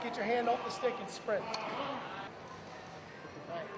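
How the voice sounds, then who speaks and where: A man's voice: very high-pitched, a little slow, long pauses. A man coaching lacrosse players at practice, energetically calling out praise and instructions. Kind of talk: on-field coaching. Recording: noisy field recording.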